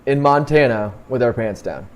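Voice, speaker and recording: A man's voice: medium pitch, normal speed. A man with a mid-range voice co-hosts a casual sports podcast. He talks in dry, joking banter. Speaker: podcast co-host.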